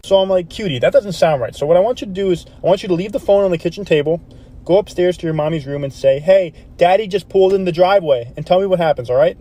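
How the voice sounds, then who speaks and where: A man's voice: high voice, fast. A man, a father, telling a joke as a first-person story and acting out the voices in it. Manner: animated, acting out quoted voices.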